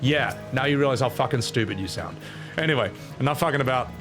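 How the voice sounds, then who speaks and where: A man's voice: mid-range voice, quick pace. A man from Australia, streaming a game and ranting bluntly with opinions and swearing. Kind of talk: casual gaming commentary. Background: game music.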